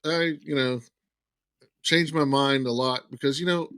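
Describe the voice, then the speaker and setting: A man's voice: mid-range voice, measured pace, dry recording. A man telling a long personal anecdote in casual conversation, acting out the lines of people in the story. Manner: animated anecdote teller, acts out quoted lines. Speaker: podcast guest.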